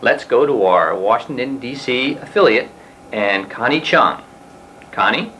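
A man putting on a formal male TV news anchor with a deep, announcer-style delivery. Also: lively intonation, measured pace, pushed and bright, a little hiss or hum.

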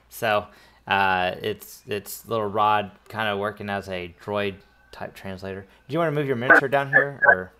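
A man's voice: lowish voice, normal speed, pushed and bright. A man narrating as game master of a tabletop game, rambling with many restarts.

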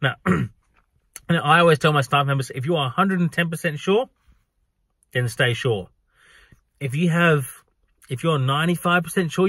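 A man's voice: fairly high pitch, dry recording. A young man who works in a bar, telling a story to camera in a casual way and acting out what people said. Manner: animated, acts out quoted lines. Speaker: vlogger, bar worker.

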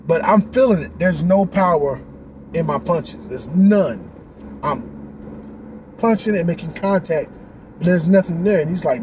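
Casual male vlogger, out of breath, animated and slangy, mellow tone, light traffic hum. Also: on the high side, takes it slowly, pauses often, rough recording. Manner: animated, slangy, trailing restarts. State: winded after boxing class. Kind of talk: casual vlog talk.

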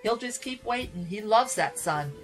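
A woman's voice: mid-range voice, expressive, normal speed, faint music behind, lightly acted. A woman voicing household servants who gossip about their old master in a folksy drawl. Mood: worried.

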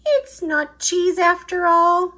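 Pip: a meek, soft-spoken storybook boy mouse, high and hesitant, put on by a woman narrator. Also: wildly swooping pitch, extremely slow, full character voice. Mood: sad. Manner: soft, timid, apologetic. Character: meek, hopeful young male mouse. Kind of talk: storybook character voice.

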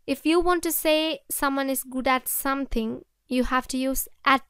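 Slow, clear Sri Lankan woman teacher. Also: sits high, steady tone, a bit bright, dry recording, clean studio sound. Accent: Sri Lankan English. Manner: repeats example sentences slowly, addresses children directly. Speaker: English teacher. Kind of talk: slow, deliberate classroom explanation.

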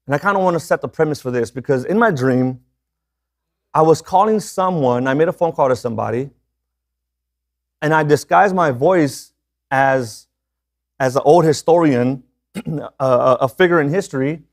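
A man's voice: a little high, normal speed, pauses often. A man preaching a sermon as a pastor in a conversational way, often checking in with his listeners.

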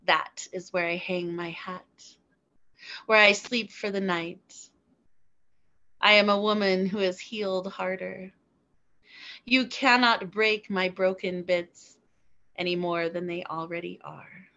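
Woman spoken word poet, slow and deliberate, bright tone, slightly dull lo-fi recording. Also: on the low side, steady tone. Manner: measured, deliberate delivery with weighted pauses.

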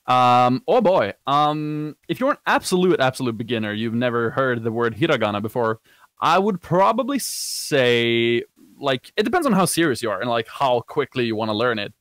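Young swedish guy, accented english, soft friendly voice, lots of um and like, dry sound. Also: medium pitch, very animated, normal speed, no echo. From Sweden. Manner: rambling with many fillers and restarts. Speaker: guest, Japanese learner. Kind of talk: casual video call chat.

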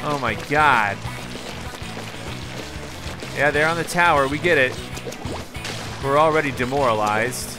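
A young man giving casual live commentary on his own gameplay, excitable and quick to break into loud frustration. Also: medium pitch, music in the background. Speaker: gaming YouTuber.

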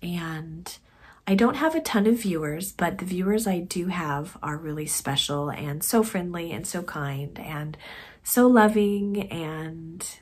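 A woman vlogger chatting casually about her knitting projects in a soft, conversational way that often trails off quietly. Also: on the low side, measured pace, slightly rough. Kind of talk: casual chat to camera.

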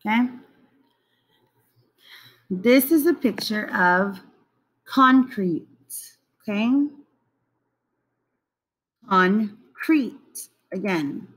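A woman teaching young children to read in a recorded video lesson. She speaks at an unhurried pace and stretches and repeats every word. Her manner is coaxing and encouraging. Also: mid-range voice, lively intonation, breathy edge. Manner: slow, drawn-out word repetition, coaxing.

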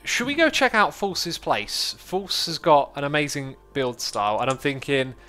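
A man's voice: fairly high pitch, sing-song, normal speed, pushed and bright, soft background music. A man hosting a casual gaming livestream, cheerful and jokey as he tours builds with a friend. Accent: British. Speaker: livestream host.

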